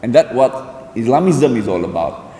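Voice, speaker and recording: A man giving a formal public lecture in a hall, speaking in a measured, deliberate way with formal phrasing. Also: mid-range voice, big pitch swings, mellow. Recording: echoey hall with faint ambience.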